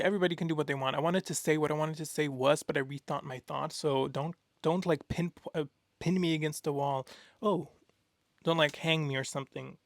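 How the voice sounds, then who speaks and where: A young man chatting casually and excitedly in a vlog, gushing and rambling with lots of fillers. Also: fairly high pitch, dry recording. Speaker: art vlogger. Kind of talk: casual chat.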